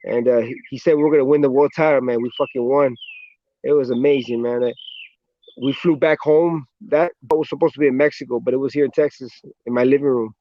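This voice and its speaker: A man's voice: mid-range voice, steady tone, fairly quick, no echo, lo-fi sound. A man with an American accent, a professional boxer, chatting casually in an interview and telling stories in a laid-back way, often swearing and tagging lines with "man".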